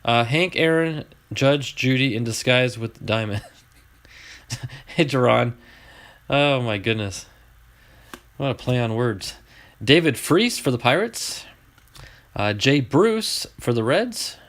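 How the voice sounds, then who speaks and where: A man opening packs of baseball cards on a live stream, chatting to viewers and getting excited over each find. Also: mid-range voice, slow, pauses often. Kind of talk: live card-opening chat.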